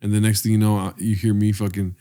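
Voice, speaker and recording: A man's voice: lowish voice, level tone, fast talker, mellow. A man co-hosting a podcast in casual chat, telling crude, rambling joking stories. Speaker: podcast co-host.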